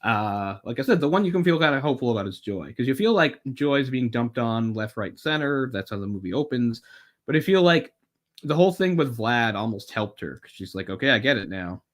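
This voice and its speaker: A man's voice: medium pitch, lively intonation, fairly quick. A man co-hosting a podcast, chatting casually and wryly about a film, rambling and swearing now and then. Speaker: podcast co-host.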